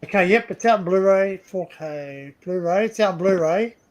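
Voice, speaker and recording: A man's voice: sits high, normal speed, slight background noise. A man hosting a live stream, chatting casually and telling rambling anecdotes with plenty of swearing.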